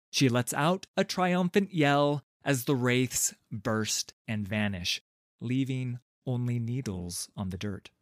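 A man reading a fantasy story aloud in a calm, measured and gently expressive way. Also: lowish voice, no room sound, clean studio sound. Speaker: narrator. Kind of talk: scripted storybook narration.

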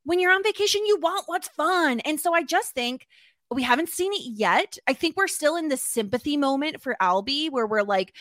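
A woman's voice: high-pitched, normal speed, no room sound, clean studio sound. A woman talking in casual podcast chat, chatty and full of fillers. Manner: chatty, filler-heavy, animated. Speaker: podcast guest.

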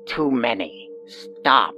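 A man voicing an old mother whose speech has broken down, murmuring in slurred, raspy fragments. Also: mid-range voice, expressive, drawn-out words, pushed and bright, soft background music, voice pushed up, exaggerated voice. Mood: eerie. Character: failing old mother on a phone, woman.

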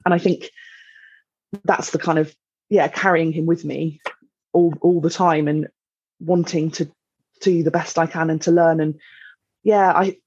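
A woman talks as a podcast guest, reflective and halting with many fillers. Her voice is husky and fairly flat in pitch. The recording sounds dull, dry and lo-fi. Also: no room sound. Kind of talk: candid conversation.

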